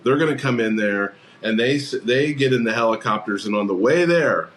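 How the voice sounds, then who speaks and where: A man co-hosting a podcast, chatting casually and retelling film scenes with quick acted quotes. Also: mid-range voice. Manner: animated retelling, acting out movie quotes. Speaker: podcast co-host. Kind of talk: casual movie chat.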